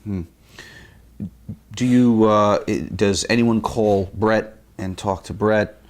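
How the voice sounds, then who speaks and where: A man's voice: on the low side, fairly even intonation, slow, a little mellow. A man hosting an interview, asking questions in a hesitant way with fillers. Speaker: interview host.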